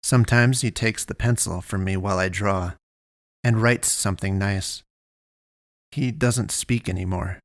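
A man narrating a first-person story in a measured, deliberate way. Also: fairly low pitch, no room sound, clean studio sound.

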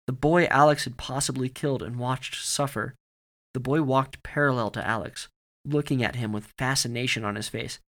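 A man narrates a grim story at a steady, deliberate pace. His voice sits in an ordinary middle register, and he keeps his reading even and controlled. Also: mid-range voice.

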